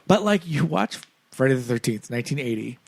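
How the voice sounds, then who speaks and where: A man co-hosting a casual podcast chat, animated and laughing often, with lots of fillers. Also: mid-range voice, fairly quick, vocal fry, slightly rough, no echo. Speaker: podcast co-host.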